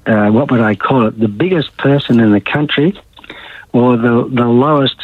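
An older Australian man calls into a talk radio show, airing his opinions in a blunt, rambling, casual way. His voice is mid-range and his speed normal. The tinny phone line has no room sound.

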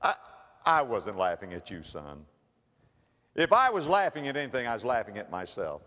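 A man doing a hushed, tender father. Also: lowish voice, sing-song, normal speed, long reverb tail. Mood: tender confiding. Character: gentle scoffing father speaking softly to his son.

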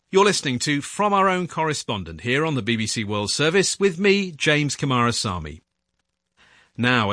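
A man's voice: a little high, fairly bright tone, no room sound. Male radio presenter, dry studio read. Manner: smooth link-reading.

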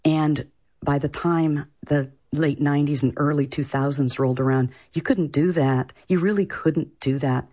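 A woman's voice: low voice, fairly even intonation, normal speed, mellow. A woman from Iowa, a food writer, answering interview questions in a chatty way with many fillers. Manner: chatty, lots of "you know" fillers.

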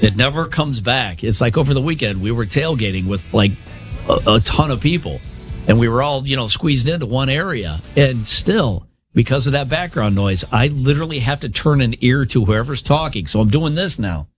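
A man's voice: medium pitch, lively intonation, normal speed, soft background music. A man in his fifties co-hosting a podcast, telling self-mocking stories and acting out what people said in casual comedic chat. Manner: storytelling, self-mocking, acts out quotes. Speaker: podcast co-host.

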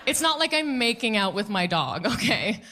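Bright-voiced woman doing stand-up. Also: fairly high pitch. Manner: animated, laughing at her own jokes, quick asides to the crowd. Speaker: stand-up comedian. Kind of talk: stand-up comedy set. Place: comedy club stage with audience.

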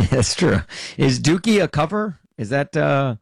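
A man giving a playful, emphatic rant in a casual chat. His voice is mid-pitched and recorded close to the mic, with a dry sound and no room echo. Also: big pitch swings, slow, creaky, breathy edge. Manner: emphatic, joking rants.

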